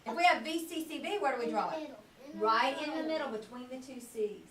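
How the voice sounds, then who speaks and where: A high-pitched, animated woman teacher speaks fairly quickly over crowd noise as she leads phonics in a classroom. Her questions are patient, and she stretches words out when modeling them. The sound is echoey and distant, with faint hiss.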